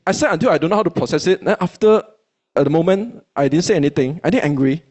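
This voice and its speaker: A man with a Malaysian English accent, telling a motivational story to an audience in a colloquial, animated way and acting out his own dialogue. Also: fairly high pitch, quick pace. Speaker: speaker at a business event.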